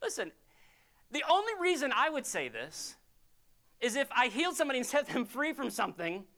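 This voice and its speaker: A man's voice: very high voice, huge pitch swings, a little fast, bright, forceful tone. A man preaching a sermon as a pastor, in a conversational, emphatic storytelling way.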